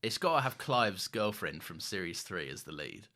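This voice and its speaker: A man co-hosting a podcast in casual chat, teasing and quick to laugh, with a bad cough. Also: sits low, very animated, bright, forceful tone. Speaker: podcast co-host.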